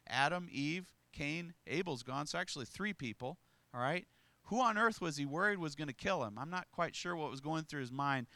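A man's voice: fairly high pitch, a bit bright, no room sound. A man preaching a sermon with emphasis, asking the congregation rhetorical questions and chuckling between points.

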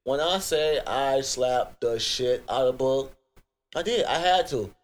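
A young American man with a Virginia accent, co-hosting a crude comedy podcast, telling stories in an animated, profane rant. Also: medium pitch, measured pace. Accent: US Southern, Virginia. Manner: profane, animated storytelling with outbursts. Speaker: podcast co-host.

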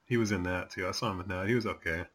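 Hesitant low-voiced man podcast co-host. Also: rapid-fire, fairly bright tone. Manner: hesitant, many ums and restarts. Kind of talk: casual film chat.

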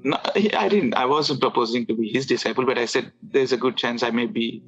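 Male guest, halting storyteller, middle pitch, dull lo-fi recording with faint music behind. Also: fairly bright tone. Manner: halting, with restarts and filler words. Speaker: guest telling his conversion story. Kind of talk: casual storytelling.

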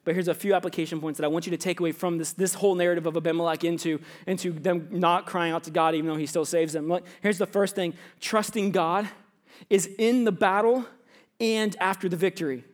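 A man's voice: a little high, little pitch movement, fast talker, hardly any pauses. A man in his thirties, a youth pastor preaching a sermon in a conversational, storytelling way. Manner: conversational, storytelling preacher who acts out little scenes; often drops to quiet, hushed tones in anecdotes. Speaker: pastor of students and young adults.

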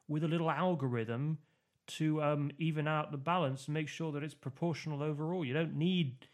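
A man's voice: fairly high pitch, steady tone, normal speed, a little mellow. A man co-hosting a podcast, explaining voting and polls in a casual, rambling way with many fillers and restarts. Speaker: podcast co-host. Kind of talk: casual political chat.

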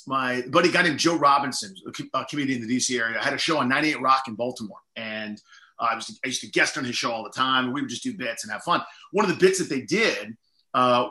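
A man's voice: mid-range voice, bright, forceful tone, reverberant. A middle-aged man, a comedian guest, telling stories in a rambling, self-deprecating way full of "like" and "you know". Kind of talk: casual storytelling interview.

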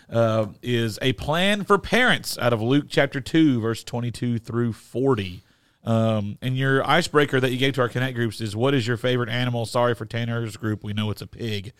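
A man's voice: medium pitch, smooth, no echo, clean studio sound. A man hosting a church podcast, chatting casually and joking between fillers. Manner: relaxed, joking, rambling with fillers. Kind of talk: casual chat.

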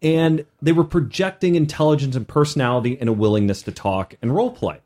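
A man co-hosting a podcast, talking casually as a game master and retelling a session in an animated way. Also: medium pitch, fairly quick. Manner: animated storytelling.

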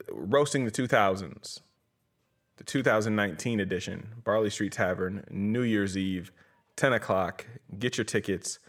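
A young man hosting a comedy podcast, rambling through profane, jokey plugs for his shows. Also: fairly low pitch. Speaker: podcast host and comedy promoter. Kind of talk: casual comedic rant.

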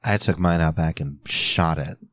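A man's voice: rumbling low, moderate pace, a bit bright, no room sound. A man co-hosting a podcast, chatting casually with dry, joking remarks. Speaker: podcast co-host.

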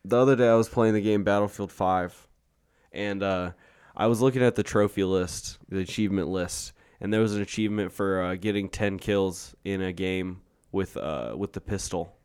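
Young guy rambling on a podcast, lowish voice, keeps restarting himself. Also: steady tone, normal speed, a little mellow, smooth. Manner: rambling, restarts a lot, laughs often. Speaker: podcast co-host. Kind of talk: casual chat.

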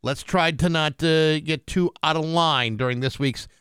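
A man co-hosting a morning radio show, talking in relaxed banter with frequent fillers and restarts. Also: on the high side, clear, resonant tone, dry recording, clean studio sound. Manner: relaxed, halting with many fillers.

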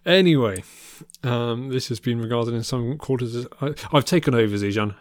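A man's voice: mid-range voice, normal speed, no echo, studio quality. A man co-hosting a podcast, chatting casually about films with many ums and restarts. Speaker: podcast co-host. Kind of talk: casual film review chat.

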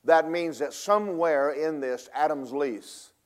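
A man preaching a sermon in a folksy, emphatic way, swinging between loud and soft and fast and slow for effect. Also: on the high side. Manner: folksy, emphatic, varies loudness and pace for effect.

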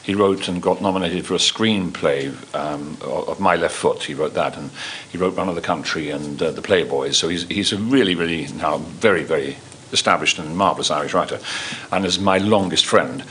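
An older man telling stories from his life to an audience, halting and full of restarts. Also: sits low, fairly bright tone, a little hiss or hum. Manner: halting, full of restarts and ums, acts out quoted voices. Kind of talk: anecdotal storytelling.

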